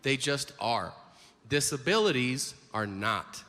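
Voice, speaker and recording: A male stand-up comedian performing a live set on a theater stage, animated, sarcastic and profane. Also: medium pitch, slow. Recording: live stage in a reverberant hall with audience noise.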